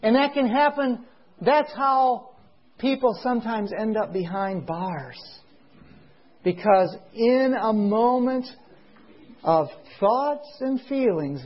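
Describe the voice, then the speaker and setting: A man preaching a sermon to a congregation in a meeting. He speaks in slow, emphatic phrases, draws out key words, and keeps asking his listeners rhetorical questions. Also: high-pitched, slightly rough. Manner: asks the audience rhetorical questions. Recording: dull lo-fi recording.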